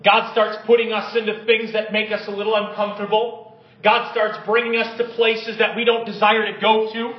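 High-voiced preacher in an echoey room. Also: male voice, little pitch movement, normal speed, dull audio. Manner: dramatic, varies pitch and loudness, drops low and quiet for emphasis. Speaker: pastor. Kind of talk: sermon with scripture reading.

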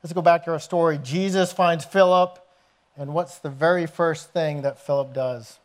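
A man preaching a sermon as pastor, telling scripture stories in an animated way and acting out the scenes. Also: a little high, moderate pace. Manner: animated storytelling, acts out scenes with raised voice.

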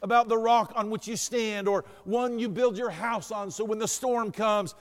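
A man's voice: sits high, steady tone, normal speed. A male pastor preaching a sermon. He tells stories and builds up to emphatic declarations. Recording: long reverb of a large room.

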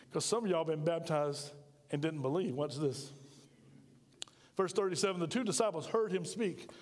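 A man's voice: high-pitched, big-room sound. A man preaching a sermon to his congregation, talking in a conversational way and asking them rhetorical questions. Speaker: pastor. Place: church sanctuary.

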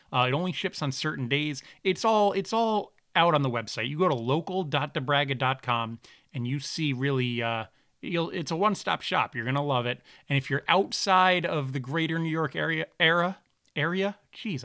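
Rambling, bright-voiced podcast host. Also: male voice, a little high, no room sound, clean studio sound. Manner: rambling, self-correcting, jokey. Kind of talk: casual podcast ad read.

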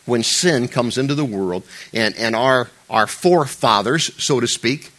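A man's voice: medium pitch, unhurried. A man preaching a conversational sermon to his congregation, with playful asides. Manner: animated, conversational, jokey asides. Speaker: pastor.

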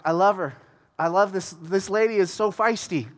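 Man, casual bible teacher, animated storyteller, everyday words, fairly high voice. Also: normal speed.

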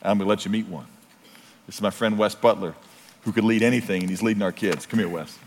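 A man's voice: fairly low pitch, fast, background noise. Preaching man in a reverberant hall. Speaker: pastor. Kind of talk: sermon.

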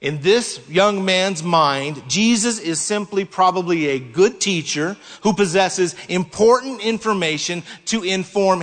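Male preacher, higher voice, sermon delivery, deliberate emphasis, long hall reverb. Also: fairly bright tone. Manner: measured, slows down to stress key words.

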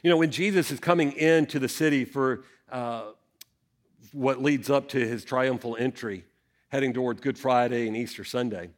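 A man's voice: medium pitch, moderate pace. A male pastor preaching a sermon, reading scripture aloud and then explaining it earnestly, rising for emphasis.

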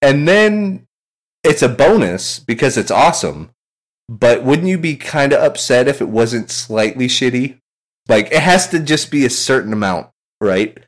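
A man co-hosting a casual podcast chat, rambling and excitable, swearing casually. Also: medium pitch, normal speed. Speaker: podcast co-host.

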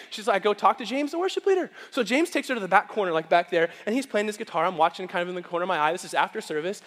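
A man preaching as pastor, telling a story with lively acted-out voices. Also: extremely high pitch, racing, in a large hall. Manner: animated storytelling, acts out quoted voices. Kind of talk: storytelling sermon. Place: church sanctuary.

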